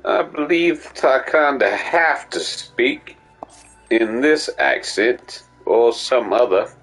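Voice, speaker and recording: A man's voice: lowish voice, slow, fairly bright tone, faint music behind, voice pushed down. A man putting on an exaggerated, run-together folksy drawl while he plays a game. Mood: rambling.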